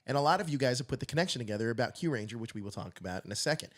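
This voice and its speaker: A man hosting a relaxed fan livestream at a middle pitch. He talks in loose, wandering runs full of fillers and asides. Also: racing, noisy background. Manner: rambling, filler-heavy speculation. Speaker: host. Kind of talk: casual livestream chat.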